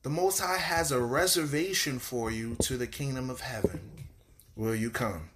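A man preaching with fervor, rising and swelling as he repeats his lines back to the listeners. His voice sits a bit high for a man, and a steady hiss of noise runs under the recording. He slows right down to read scripture word by word. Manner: call-and-response preaching, repeats lines for emphasis; reads scripture slowly and deliberately. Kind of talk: sermon.

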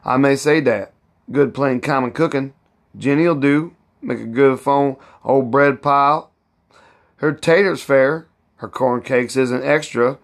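A man voicing an elderly woman cook who is proud and bossy, speaking in heavy old Southern dialect and scolding as she talks. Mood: gossiping. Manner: raised pitch, drawn-out words.

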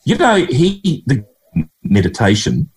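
A man's voice: mid-range voice, huge pitch swings, measured pace, a little mellow. A middle-aged Australian man from Queensland, a guest telling rambling, chuckling anecdotes and mimicking people in a casual interview.

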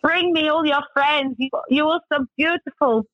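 A woman's voice: high voice, moderate pace, no room sound, muffled recording, pitched above the performer's own voice, close to an everyday voice. A woman voicing a pushy middle-aged Russian male driver who insists in broken English.

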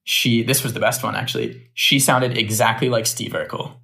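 A young American man, a podcast guest, telling lively stories in casual chat. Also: mid-range voice, moderate pace, creaky. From United States. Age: young adult. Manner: animated storytelling with laughs.

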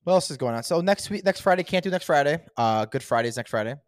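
Fast, lively, crude young man. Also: fairly high pitch, dry recording, clean studio sound. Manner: crude, rambling, fast storytelling. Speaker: podcast co-host. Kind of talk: casual chat.

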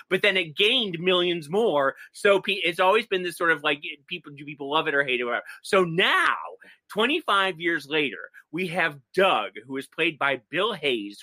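A man co-hosting a casual talk show, excitably retelling a story with acted-out quotes. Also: fairly high pitch, dry recording. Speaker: podcast co-host. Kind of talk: animated casual chat.

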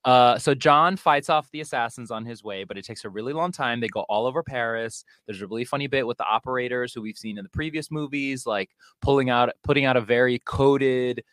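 A man talking through a movie plot in an easy, rambling way, full of ums and dry sarcastic jokes. His voice sits at an ordinary middle pitch. The sound is close and dry, with no room around it. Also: brisk, hardly any pauses, a bit bright, no echo. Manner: chatty, sarcastic, filler-heavy storytelling. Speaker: podcast host recapping a film. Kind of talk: casual chat.

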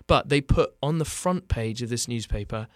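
A chatty man, telling stories about himself in a self-deprecating way. He often restarts his sentences. His voice sits at an ordinary pitch and the recording is close and dry. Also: moderate pace, dry recording. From England, Bath. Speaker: actor guest. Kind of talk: casual interview chat.

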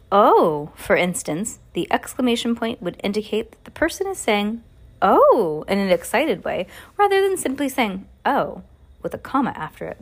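A woman reads a children's novel aloud at a relaxed pace. She often stops to add her own casual, joking comments before going back to the text. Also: mid-range voice. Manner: chatty, joking commentary between passages. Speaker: reader. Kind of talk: reading a book aloud with casual asides.

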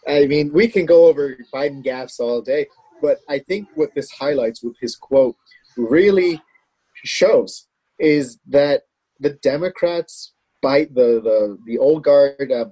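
A man talking politics on a talk show in a measured way, often restarting his sentences. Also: medium pitch, mellow, husky, rough recording.

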